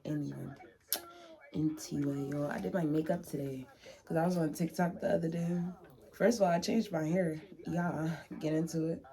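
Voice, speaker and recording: A young woman vlogs to the camera from her room, speaking in a heartfelt, chatty way and repeating herself. Her voice is low-pitched and dark in tone, with fairly even intonation at a moderate pace.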